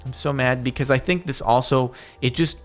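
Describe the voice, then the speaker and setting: A young man giving casual commentary as he reacts to posts, exasperated and breaking into loud rants. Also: medium pitch, fairly even intonation, moderate pace, soft background music. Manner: exasperated, ranting, rising to loud outbursts.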